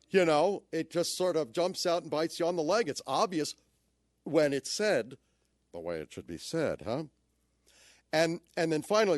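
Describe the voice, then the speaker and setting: A man lecturing about description, playful and theatrical as he demonstrates how delivery changes meaning. His pitch swings widely. The sound is close and dry. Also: dry recording. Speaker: audio describer giving a talk.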